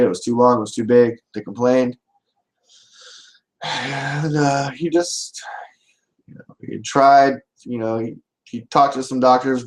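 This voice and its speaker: A man's voice: mid-range voice, rough recording. A man hosting a show, telling a crude joke in a loose, rambling way with lots of profanity. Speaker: show host. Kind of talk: comic storytelling.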